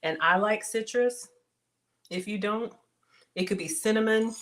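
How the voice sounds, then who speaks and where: A middle-aged woman, hosting a casual cooking livestream, chatty and excitable, talking straight to her viewers. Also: mid-range voice, unhurried. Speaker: home cook livestream host.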